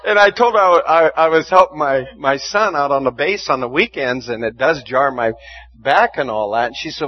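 A man's voice: on the high side, moderate pace, highs cut off. A man preaching a sermon and telling a personal story, often stumbling and repeating words as he starts a sentence.

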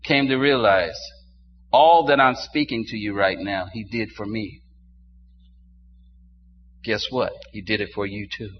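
An older man preaching a sermon to his congregation, dropping low and quiet and then rising into loud exclamations. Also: measured pace, long pauses. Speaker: pastor. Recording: dull muffled sound with faint hum.

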